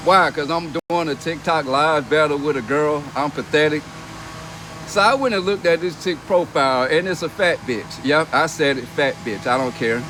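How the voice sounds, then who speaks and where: Young man with a fairly high voice, brash and mocking, noisy phone livestream. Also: normal speed, pushed and bright. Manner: brash, profane and mocking, laughing between lines. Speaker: reality TV personality reading comments on a live stream. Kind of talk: casual livestream rant.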